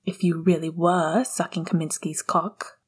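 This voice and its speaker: Heated teen boy wizard, breathy and lowish, sharp tongue, read by a woman. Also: flat delivery, a little slow. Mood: tight angry. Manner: sharp, heated, rising to raised voice. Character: angry teenage boy wizard, hotheaded. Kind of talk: audiobook reading of fan fiction.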